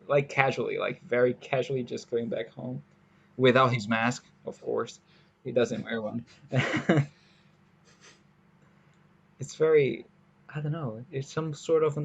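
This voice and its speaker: Gravelly husky guy cohosting a podcast, dry sarcastic, kinda muffled lo-fi sound. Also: medium pitch. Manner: wry, halting, sarcastic. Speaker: podcast co-host. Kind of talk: casual chat.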